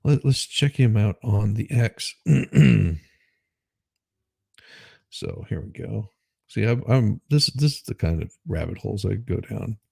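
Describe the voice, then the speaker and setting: Male host, low gravelly husky voice, sarcastic commentary, dry sound. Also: expressive, slow pace, long pauses, a little mellow, dry recording. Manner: sarcastic, rambling asides; self-deprecating. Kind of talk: casual news commentary reading articles aloud.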